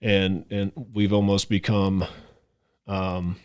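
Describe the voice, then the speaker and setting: Male podcast host, low-pitched, heartfelt and grateful, stammers through restarts. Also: level tone, takes it slowly, darkish tone, clear, resonant tone. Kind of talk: casual interview chat.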